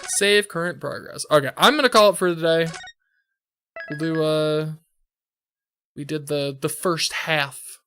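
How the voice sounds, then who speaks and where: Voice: mid-range voice, measured pace, long pauses, a bit bright, clean tone. A streamer giving loose, joking commentary over a game, swearing freely. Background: game music.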